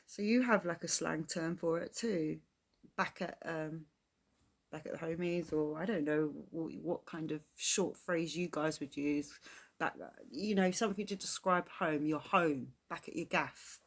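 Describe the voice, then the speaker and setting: Low-voiced English woman explaining slang. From England. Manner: chatty, explains slang with quick laughs. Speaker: reaction video host. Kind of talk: casual reaction commentary.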